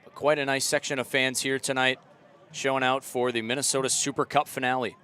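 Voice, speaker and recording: Bright, clear-voiced male soccer commentator. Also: medium pitch, brisk. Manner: relaxed chatty commentary, rising to loud excited calls. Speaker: play-by-play commentator. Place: outdoor stadium.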